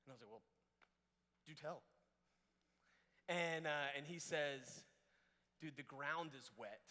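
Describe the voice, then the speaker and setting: A young man telling a funny story in a youth camp sermon, animated and jokey, acting out what people said. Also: on the high side, normal speed. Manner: animated, jokey, acts out quotes in different voices. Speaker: camp speaker. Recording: echoey hall reverb.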